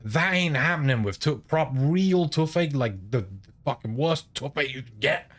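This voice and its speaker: A man's voice: mid-range voice, lively intonation, normal speed, a bit bright. A British man from the UK, a game streamer chatting casually and telling rambling stories full of swearing. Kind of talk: casual chat while gaming.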